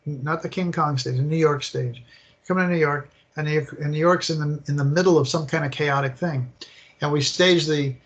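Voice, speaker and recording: Older man, lively, a little high voice. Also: fairly quick. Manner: animated, rambling storyteller who acts out scenes. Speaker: guest, attraction designer. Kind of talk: casual interview storytelling.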